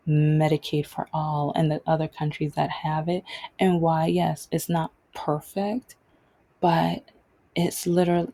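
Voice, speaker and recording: Woman, vlog host, casual storytelling, warm mellow tone, breathy edge, rambling. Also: deep voice. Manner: conversational, rambling with many restarts.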